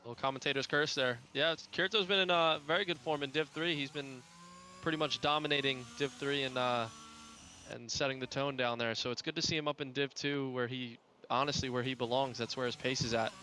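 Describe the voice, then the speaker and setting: A man's voice: mid-range voice, fairly even intonation, a little fast, sharp tone, slight background noise. A man who is also a driver, giving live commentary on a racing game and stumbling over his words as he restarts phrases. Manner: hesitant, many restarts and fillers.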